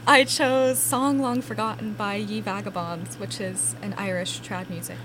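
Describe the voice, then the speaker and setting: A woman's voice: medium pitch, fairly even intonation, normal speed, fairly bright tone, slight background noise, poor audio. A woman appearing as a guest on a casual radio chat show, a little shy.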